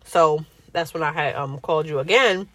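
Animated young woman, dry close sound. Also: low voice, normal speed, no room sound. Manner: animated, acts out quoted voices. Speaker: storyteller. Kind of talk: casual chat.

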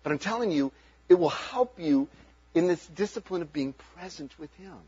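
A man's voice: a little high, animated, moderate pace, mellow, breathy edge, highs cut off. A man preaching a sermon as pastor, talking in an earnest, conversational way and chuckling between points.

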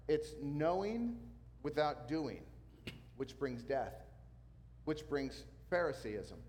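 A man preaching to his congregation, his voice sitting a touch higher than most men's. He acts out the people he quotes with an animated delivery, and a long reverb trails behind each phrase as it fills the large hall. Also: a little hiss or hum. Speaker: pastor. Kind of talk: sermon.

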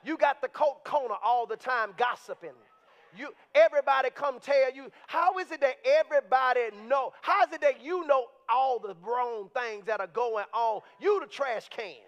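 A man preaches in a church with a strikingly high voice. He talks to the congregation in a lively, conversational way and at times rises to shouts. The recording sounds dull and lo-fi. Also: moderate pace. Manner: animated, conversational, rising to shouts. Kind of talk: sermon. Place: church sanctuary.

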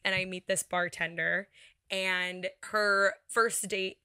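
A woman who is a podcast guest, telling a story in casual chat, expressive and laughing often. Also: medium pitch, slow, clean tone.

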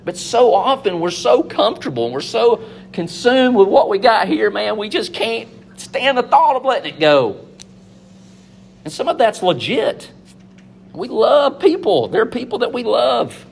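A man preaching a sermon, animated and conversational, acting out biblical figures in quick asides. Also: high-pitched, vocal fry, a little hiss or hum.

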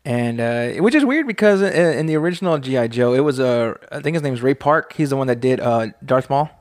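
A young man in halting, rambling casual chat, searching for words. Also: medium pitch, expressive, dry recording, studio quality.

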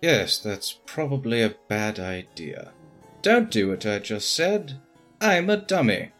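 A man's voice: medium pitch, very animated, slow pace, a bit bright, soft background music. A man playing a dim charmed adventurer. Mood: dazed.

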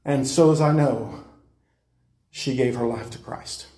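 A man's voice: medium pitch, unhurried, mellow. Emphatic man preacher telling testimony, echoey. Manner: emphatic, insistent, acts out scenes. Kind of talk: dramatic testimony storytelling. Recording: roomy echo.

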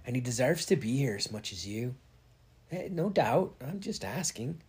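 A man's voice: mid-range voice, sing-song, normal speed, darkish tone, slightly rough. A man reading a novel aloud in a casual way, giving the characters light voices. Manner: reads with light character voices and stops to chat. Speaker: reader.

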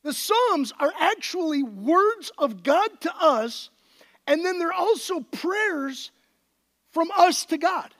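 Animated, high-voiced male pastor preaching. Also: takes it slowly. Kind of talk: sermon.

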